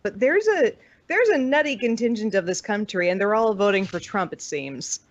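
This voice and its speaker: A woman's voice: medium pitch, expressive, normal speed, no echo. Chatty, swearing American woman. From United States. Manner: chatty storyteller who swears freely and acts out quotes. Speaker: podcast guest. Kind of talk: casual chat. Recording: dull dry recording.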